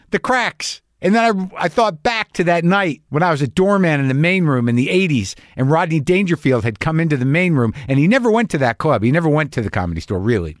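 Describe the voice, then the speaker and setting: A man's voice: a little high, no echo, clean studio sound. A middle-aged man hosting a podcast, telling stories in a rambling comedic monologue, self-mocking and acting out the voices of people he quotes. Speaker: podcast host.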